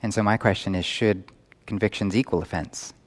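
A man's fairly low, fairly even voice moves quickly as he preaches. He is a pastor in a New York church, and he poses question after question to the audience.

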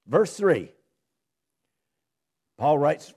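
A man delivers a Bible-teaching sermon at an unhurried pace. His voice is warm and mellow, sits slightly high, and moves through a lively pitch range. He reads verses with emphasis and asks his listeners rhetorical questions before answering them. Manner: reads scripture aloud slowly and emphatically, then explains it. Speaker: preacher. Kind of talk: expository sermon.

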